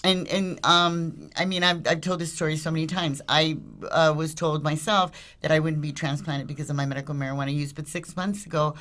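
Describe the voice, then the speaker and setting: Middle-aged woman guest with a very low voice; rambling storyteller. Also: steady tone, fairly quick, few pauses, fairly bright tone. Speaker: guest, cannabis advocate. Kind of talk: casual panel talk.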